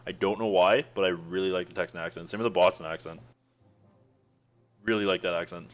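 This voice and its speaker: A man's voice: deep voice, fairly even intonation, brisk. A man with a Western Canadian accent chatting casually to stream viewers, rambling with lots of fillers and frequent chuckles. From Alberta, Canada.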